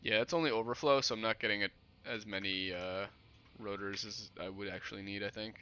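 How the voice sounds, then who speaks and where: A man giving casual gameplay commentary, relaxed and muttering to himself while he plays. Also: lowish voice, fairly quick, clear, resonant tone, dull audio. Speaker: gaming streamer.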